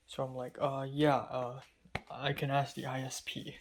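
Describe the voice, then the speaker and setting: A young man in college talks at normal speed, his mid-range voice fairly even in intonation, while keeping a casual spoken diary. Feverish and dizzy, he rambles and hesitates, with many fillers and restarts.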